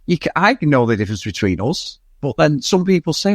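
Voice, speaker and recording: A man's voice: on the high side, very animated, fast talker, dry recording, clean studio sound. A man with a Mancunian accent co-hosting a podcast, chatting casually and rambling with lots of swearing. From Manchester, England. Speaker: podcast co-host. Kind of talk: casual film review chat.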